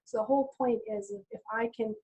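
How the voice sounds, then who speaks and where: Woman, middle-aged, nurse, webinar guest, calm storytelling, husky, mellow tone. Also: fairly high pitch, a little fast, muffled recording. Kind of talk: conversational webinar talk.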